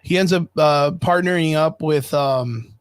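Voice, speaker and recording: Male podcast co-host, slightly high, dry close sound, loose profane rambling rant. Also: a little slow, smooth, dry recording. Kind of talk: casual chat.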